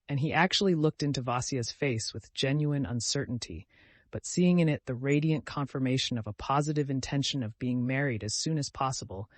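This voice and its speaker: A man narrating a classic story for an audiobook, in a measured way. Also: mid-range voice, dry recording. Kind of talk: scripted narration.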